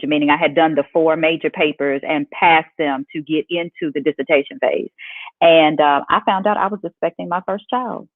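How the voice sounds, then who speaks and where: A woman hosting a podcast, telling a personal story in an animated way and laughing as she goes. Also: low voice, no room sound. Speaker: podcast host. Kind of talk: casual interview chat. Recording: tinny phone-like dry audio.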